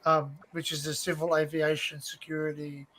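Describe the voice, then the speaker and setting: A man in casual chat, swearing freely and telling animated stories, repeating himself as he goes. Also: fairly high pitch, moderate pace.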